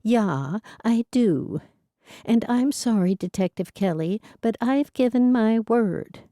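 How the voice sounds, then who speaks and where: A stubborn elderly Amish widow, put on by a woman narrator, speaks in a raised, bouncing storybook voice. She sounds earnest and a little plaintive, with a mellow tone in a dry, close recording. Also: fairly high pitch, expressive, takes it slowly, no echo, voice pushed up.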